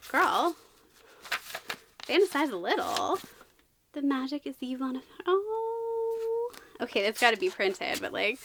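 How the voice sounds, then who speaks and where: A bright, high-voiced woman gushes over her books in a casual unboxing chat. Her pitch leaps all over the place as she jokes and reacts. There is a faint hiss under the recording. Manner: gushing, excitable, quick jokey asides. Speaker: book vlogger.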